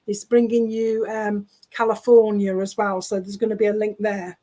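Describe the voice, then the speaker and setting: A woman working as a spiritualist medium, relaying spirit messages over a video call in a chatty, halting, reassuring way. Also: mid-range voice, little pitch movement, mellow.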